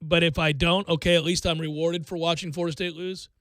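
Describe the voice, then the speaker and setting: A man hosting a sports radio show, giving betting picks in a joking, animated way. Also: fairly high pitch, fast, no room sound. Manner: animated, jokey, breaks into mock singing.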